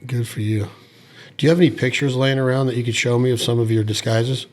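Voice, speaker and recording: A man's voice: mid-range voice, steady tone, fast, a little hiss or hum. A male podcast host chatting casually and enthusiastically with a guest, then signing off the episode. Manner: enthusiastic, informal, swears casually. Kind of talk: casual interview and podcast sign-off.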